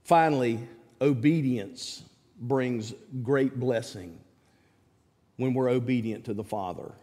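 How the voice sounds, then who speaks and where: A man preaching a sermon in a folksy manner, dropping his voice low and soft on key words and rising high when he quotes others. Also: slow pace, in a large hall. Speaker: pastor.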